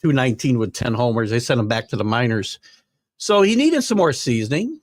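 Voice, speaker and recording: This older host of a live sports talk show chats loosely and hiccups as he reads viewer comments, filling the gaps with verbal fillers. He speaks at medium pitch, very animated and a little fast. It's a clean studio recording without any room sound.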